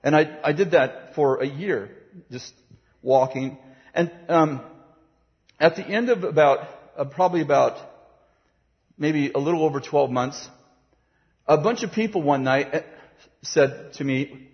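A man's voice: on the high side, measured pace, long pauses. A man preaching, telling a story with acted-out voices and bursts of laughter, speaking from a platform in a large hall. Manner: animated, acts out voices, laughs while telling. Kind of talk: sermon storytelling. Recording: dull, reverberant hall sound.

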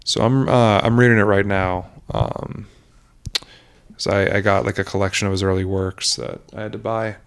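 A man's voice: on the low side, steady tone, moderate pace, gravelly, clean tone. A young man co-hosting a podcast in casual chat, joking and rambling, often breaking into laughter. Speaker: podcast co-host.

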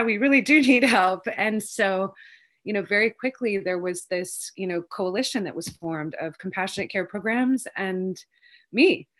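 A woman speaking quickly and informally in an interview, piling on fillers and restarts as she tells a long story. Her voice sits a little low for a woman. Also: a bit bright. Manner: fast, rambling, many fillers. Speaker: lawyer and cannabis advocate.

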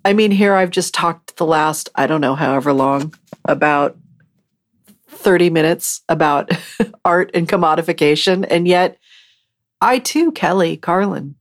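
A woman's voice: low-pitched, measured pace. A woman hosting her podcast, talking on her own in a rambling, chatty and self-mocking way. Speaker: podcast host. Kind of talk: casual solo podcast monologue.

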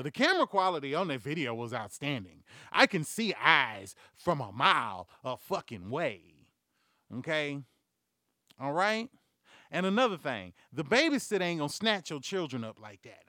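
A man hosting a comedy news podcast, ranting loudly and profanely, acting out quoted voices as he tells stories. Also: fairly high pitch, fairly quick, no echo, studio quality. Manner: profane, loud, animated storytelling. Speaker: podcast host.

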